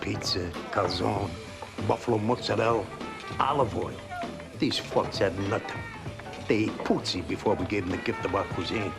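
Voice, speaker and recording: Middle-aged mobster, low voice, griping, crude, TV drama scene, loud music behind. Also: male voice, normal speed, creaky. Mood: indignant. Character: middle-aged male mobster, bitter and boastful. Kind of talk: TV drama acting. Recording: loud music under dialogue.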